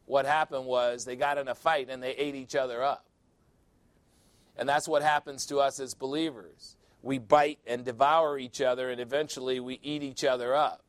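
A man's voice: medium pitch, no room sound. An older man from Chicago preaching a sermon, blunt and wry, telling stories and reading scripture. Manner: storytelling, blunt and wry, acts out quotes. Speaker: pastor.

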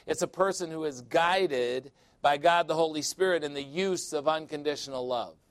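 An older man delivers a sermon with a blunt, wry storytelling manner. His voice sits a little high, and the sound is close and dry with no room echo. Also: normal speed, smooth. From Chicago. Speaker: pastor.

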